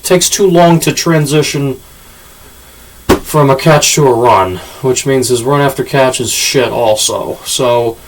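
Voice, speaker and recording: A man with a fairly high voice gives casual football analysis in a blunt, profane coaching manner. He sounds set back from the microphone as he moves around the room. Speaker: channel host analyzing draft picks. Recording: voice from a distance off the mic.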